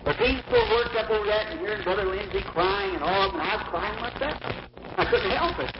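High-voiced preacher man, emotional testimony. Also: animated, fairly quick. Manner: emotional, folksy storytelling with sudden high-pitched surges. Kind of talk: sermon testimony storytelling. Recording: old echoey, muffled recording with loud rain noise.

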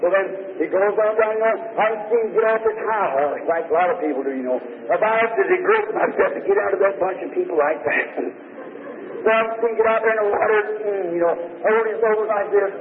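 A man's voice: high voice, fairly quick. A man preaching a sermon, telling Bible stories in a folksy way and acting out the characters in dialogue. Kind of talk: sermon storytelling. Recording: tinny archival tape of a hall sermon with faint hiss.

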